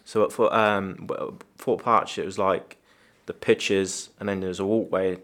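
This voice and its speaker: Low-voiced ex-footballer telling stories. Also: male voice, fairly even intonation, measured pace, fairly bright tone. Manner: anecdotal, swears freely, quotes others in lowered voice. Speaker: former professional footballer. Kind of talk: casual podcast chat.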